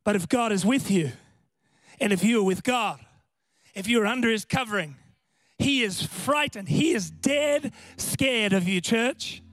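A man preaching a sermon at a church service, impassioned and building to shouts. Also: sits high, a little slow, no room sound. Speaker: pastor. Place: church service with worship band. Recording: music playing behind.

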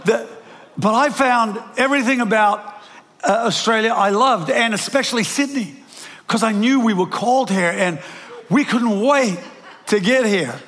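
A man's voice: sits high, moderate pace, a bit bright. An older man with a New Zealand accent preaching a sermon, telling stories with lots of restarts and self-deprecating asides. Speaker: pastor. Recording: preached in a large reverberant hall.

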